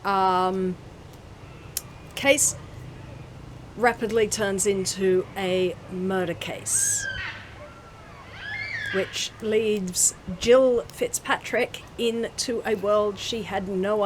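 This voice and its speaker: An Australian woman in her forties in a casual book review chat, chatty and emphatic, pausing to search for words. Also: mid-range voice, a little hiss or hum.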